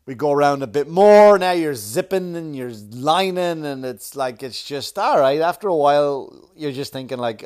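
A man's voice: a little high, lively intonation, measured pace, hardly any pauses, darkish tone. A man tells a casual comic story. He rambles, swears freely and pokes fun at himself, like a comedian hosting his own podcast. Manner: profane, self-mocking, rambling.

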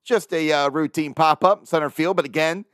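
A man's voice: a little high, moderate pace, a bit bright, no echo, studio quality. A man hosting his own sports podcast, talking casually and ranting with plenty of swearing and laughter. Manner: profane, ranting, laughs often. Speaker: podcast host. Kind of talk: casual solo sports talk.

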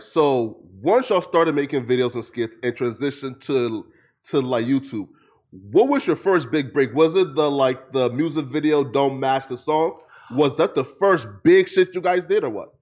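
A man hosting a casual podcast, asking questions in excitable street slang. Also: medium pitch, normal speed. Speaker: podcast host. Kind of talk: casual interview chat.

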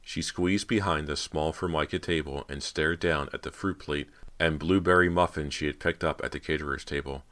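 A man reading a horror novel aloud as narrator, telling it in a measured, steady way. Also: very deep voice. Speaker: audiobook narrator.

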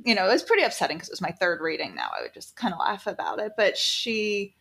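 A woman casually telling a personal story, animated and quoting people in lively voices. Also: mid-range voice, quick pace, gravelly.

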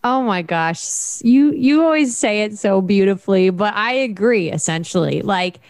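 A woman's voice: mid-range voice, lively intonation, moderate pace, darkish tone, no echo. A young adult woman co-hosting a podcast in casual chat, enthusiastic and gushing, with frequent fillers. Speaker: podcast co-host.

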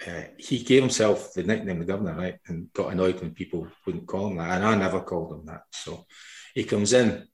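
A middle-aged man with a low voice spins a loose, rambling story, breaking into laughter as he talks. The sound is roomy, with a noticeable echo around him. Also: brisk. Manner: rambling, laughs while telling. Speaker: podcast host. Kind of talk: casual storytelling.

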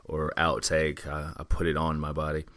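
A man hosting a podcast in casual chat, joking and dropping quick agreeing remarks. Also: rumbling low, completely flat delivery, fairly bright tone, dry recording, clean studio sound. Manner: jokey, lots of short agreeing interjections. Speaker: podcast host.

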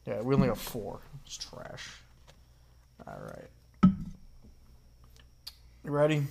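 Animated swearing man hosting a podcast. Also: medium pitch, creaky, noisy background. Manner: swearing, animated, doing quick accents. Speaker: podcast host. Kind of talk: casual comedy podcast chat, guessing game.

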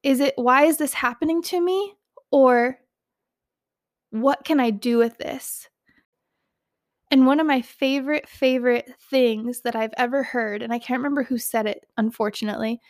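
A woman's voice: on the high side, no room sound, studio quality. A mother sharing a faith testimony in an earnest, encouraging way, speaking straight to her listeners. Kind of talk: heartfelt personal testimony.

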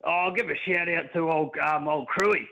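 A man's voice: fairly high pitch, steady tone, a little fast, vocal fry, pushed and bright, no echo, muffled recording. A man with a New Zealand accent calling in to a sports radio show, laid-back and saying mate a lot. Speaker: caller. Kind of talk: casual phone-in chat.

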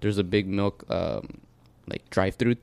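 A man's voice: low-pitched, lively intonation, a little slow, vocal fry, darkish tone, smooth, no echo. A man from California, co-hosting a casual podcast chat over beers, telling rambling stories and swearing freely. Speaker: podcast co-host.

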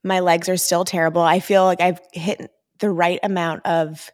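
Young adult woman, frank, breathy from pregnancy, lower-pitched. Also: level tone, moderate pace. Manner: candid, tired, frank. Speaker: fitness trainer. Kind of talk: casual chat.

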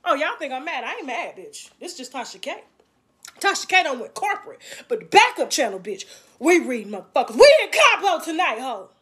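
A woman's voice: sits high, sing-song, a little fast, fairly bright tone. A woman hosting her own livestream, delivering a crude, taunting rant with mocking laughter. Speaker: livestream host.

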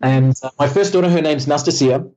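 Speaking briskly in a warm, slightly high voice, this Australian man appears as a guest entrepreneur in a relaxed interview. He shares his story frankly, poking fun at himself and often starting over, and the lo-fi audio sounds slightly muffled.

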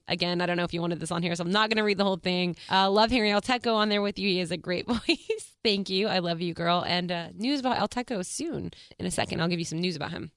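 A woman hosts her own podcast in an effusive, easygoing way and laughs often. Her voice sounds smooth and clear. The close mic keeps the sound dry. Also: on the low side, fast talker, few pauses, no room sound. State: tearful. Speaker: podcast host. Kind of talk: casual solo podcast chat.

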